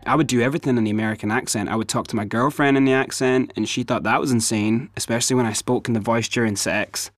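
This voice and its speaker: A middle-aged man with a Scottish accent telling a story in a lively way, sometimes slipping into put-on voices. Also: mid-range voice, fast, few pauses, no echo. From Scotland. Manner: animated, breaks into put-on voices and laughs. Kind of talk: casual storytelling. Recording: music playing behind the voice.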